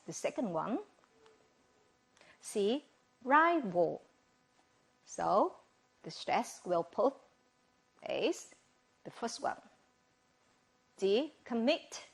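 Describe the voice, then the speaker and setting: A woman's voice: a little high, slightly rough. A woman with a Vietnamese accent teaching English vocabulary on television, asking questions and answering them herself with "very good". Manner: slow, drawn-out, asks questions and praises with "very good". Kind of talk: televised classroom lesson.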